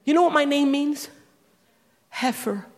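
A middle-aged woman giving a sermon testimony in a church, animated, humorous and self-deprecating. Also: high voice, a little slow, long reverb tail, very noisy. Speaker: church speaker.

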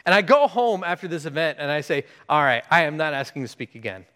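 Animated man preaching in an echoey hall. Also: a little high, quick pace. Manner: animated, acts out quoted dialogue. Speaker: pastor. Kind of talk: sermon with storytelling.

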